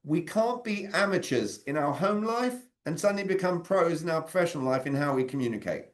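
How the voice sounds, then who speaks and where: A man, leading an interactive sales communication training over a video call and quizzing his audience. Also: fairly high pitch. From Britain. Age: 40s. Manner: energetic, quizzes the audience with quick questions.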